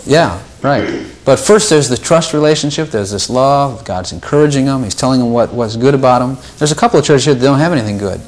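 A man's voice: medium pitch, lively intonation, brisk, few pauses. A man leading an informal Bible study, talking things through casually, repeating words and lifting his voice when he quotes scripture.

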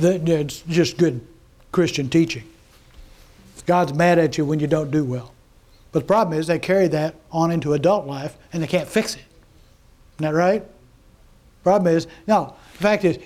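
A man with a notably high voice preaches a sermon, talking to his congregation as if chatting. He keeps asking them questions and slips into quick voices of the people he describes. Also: darkish tone. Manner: voices mockers and scripture in quick asides. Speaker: pastor.

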